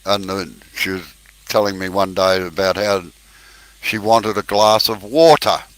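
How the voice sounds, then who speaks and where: Australian man, fairly low voice, dry close sound, easygoing, laughs often, host of a live chat. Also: steady tone, unhurried, dry recording, rough recording. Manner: easygoing, laughs often, uses local slang. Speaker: host of live woodworking stream. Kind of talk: casual chat.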